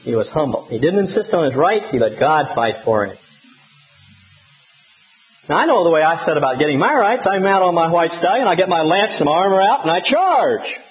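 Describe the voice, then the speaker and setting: A male pastor preaching a sermon in a conversational, humorous way with lively emphasis. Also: fairly high pitch, moderate pace, rough recording.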